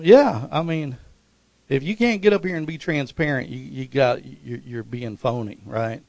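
A man's voice: mid-range voice, a little slow, vocal fry, a little mellow, no room sound, rough recording. A man preaching a sermon as pastor, conversational with many restarts, often asking the congregation for an "Amen?" and building to emphatic repeated exhortations. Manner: preaching with frequent call-and-response "Amen?".

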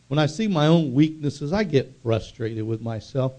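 Emphatic preacher man, mellow voice. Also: a little high, lively intonation. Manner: emphatic, stretches key words slowly for weight. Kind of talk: sermon.

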